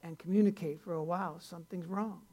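A man's voice: high-pitched, steady tone, fast talker, warm tone. Folksy older male pastor preaching. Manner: folksy and rambling, with many restarts, rising to earnest emphasis. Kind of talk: conversational sermon.

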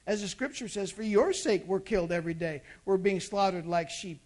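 In a sermon, a pastor swings between loud, emphatic bursts and quiet, intimate asides, putting rhetorical questions to the congregation. His mid-range voice moves along fairly quickly.

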